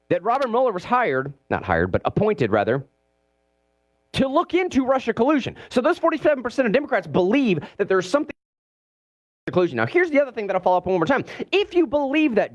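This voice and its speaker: A man hosting a political talk radio show from a studio, animated and sarcastic, mimicking the people he talks about. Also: high-pitched, no echo, dull audio. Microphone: studio mic.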